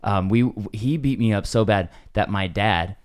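Smooth low-voiced man telling stories. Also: normal speed. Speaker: comedian guest. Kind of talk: casual comedic podcast chat.

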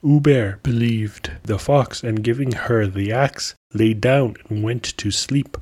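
A man narrating a folk tale as a storyteller, in a measured, steady way. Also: medium pitch, breathy edge. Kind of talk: scripted narration.

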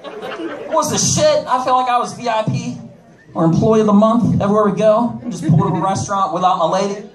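A man's voice: high-pitched, brisk, roomy sound, recorded from a distance, a crowd in the background, rough recording. A man doing a stand-up comedy set, with brash joking asides to the audience. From United States. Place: comedy club stage.

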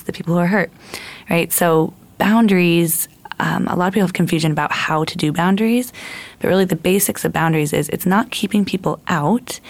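A woman's voice: on the low side, creaky. A woman giving earnest advice in casual talk, laying it out in numbered steps and acting out inner voices.

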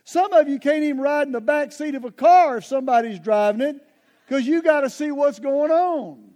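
A man's voice: extremely high pitch, moderate pace, mellow. A man preaching a sermon in a conversational, emphatic way, often turning straight to his listeners.

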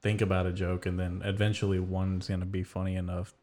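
A man with a fairly low voice hosts a podcast in loose, casual conversation. His humor is dry and deadpan, and he delivers jokes flatly. He speaks at an easygoing pace. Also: fairly quick. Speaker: podcast host. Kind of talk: casual chat.

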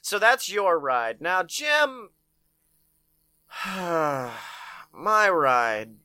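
Bright, clear-voiced joking man. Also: high voice, sing-song, drawn-out words, no echo, studio quality. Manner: joking, laughs often, rambling. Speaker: podcast co-host. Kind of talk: casual comedic chat.

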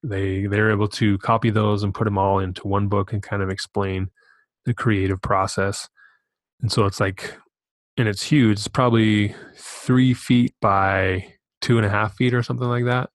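A man's voice: lowish voice, flat delivery, normal speed, no echo. A middle-aged man co-hosting a podcast in a laid-back way, with short agreeing replies and trailing thoughts. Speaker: podcast co-host. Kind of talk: casual podcast chat.

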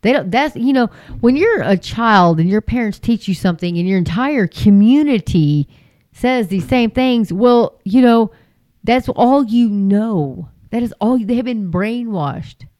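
A woman's voice: fairly high pitch, expressive, a little slow, darkish tone, no room sound. A woman giving impassioned religious commentary, emphatic and repetitive, with frequent fillers. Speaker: Christian commentator.

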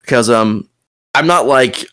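A man with a Southern US drawl chats casually as a podcast host. He rambles, circles back and restarts often, filling gaps with ums. His voice sits at an ordinary middle pitch. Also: a little slow, fairly bright tone, clean tone. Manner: rambling, many fillers and restarts. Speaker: podcast host and game master.

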